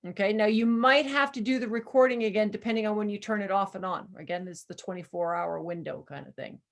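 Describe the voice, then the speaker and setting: A woman's voice: mid-range voice, fast. A woman chatting casually on a video call, telling stories and coaching people through steps, laughing often. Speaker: presenter guiding users. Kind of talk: casual chat.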